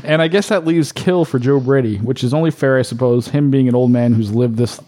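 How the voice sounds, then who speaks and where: A man's voice: mid-range voice, fairly quick, mellow. A man co-hosting a casual podcast, reading listener emails and chuckling between lines. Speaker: podcast co-host. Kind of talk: casual chat.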